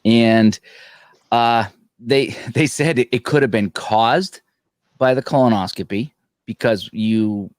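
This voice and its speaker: A man's voice: mid-range voice, slow pace, no echo, clean studio sound. A man co-hosting a live gaming show, casually telling a long personal story, laughing often and acting out what other people said. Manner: animated, laughing, acts out other people's lines. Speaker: podcast co-host.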